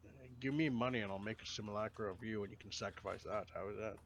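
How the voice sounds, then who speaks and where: A man's voice: on the low side, quick pace, slight background noise. A man playing in a tabletop game, chatting casually and playfully with laughs. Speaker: player.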